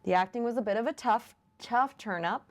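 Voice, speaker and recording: A woman's voice: a little high, brisk. A woman hosting a podcast, reviewing a movie in casual chat, chatty and laughing often. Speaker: podcast host.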